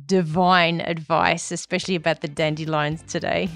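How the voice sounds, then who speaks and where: A woman's voice: on the low side, level tone, moderate pace, a bit bright. A woman hosting a podcast interview, chatty and upbeat, often trailing off mid-sentence. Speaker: podcast host. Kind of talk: casual interview chat.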